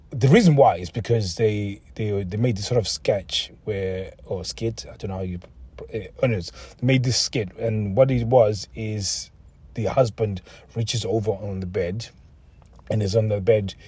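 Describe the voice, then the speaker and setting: A man's voice: on the low side, warm tone, slightly rough. A man hosting his own podcast, talking in a frank, rambling way with frequent restarts and the occasional swear word. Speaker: podcast host. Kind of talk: solo podcast monologue.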